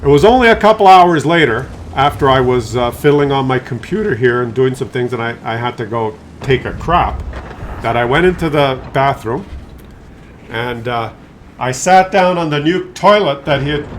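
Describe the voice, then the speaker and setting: A man's voice: moderate pace, slight background noise. A man telling a rambling, exasperated story to camera at home, acting out what others said with sudden jumps in his voice. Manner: rambling, exasperated, acts out quotes with pitch jumps. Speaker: video host telling a story.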